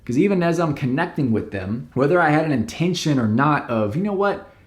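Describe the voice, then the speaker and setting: A man's voice: on the high side, animated, brisk. Emphatic male coach in an echoey room. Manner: emphatic and direct. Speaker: business coach. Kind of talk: instructional talk to camera.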